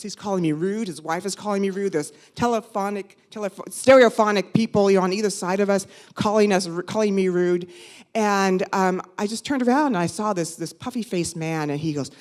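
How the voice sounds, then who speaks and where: A woman in her fifties telling a personal story live, animated, conversational and self-mocking. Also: mid-range voice, fairly quick. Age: 50s.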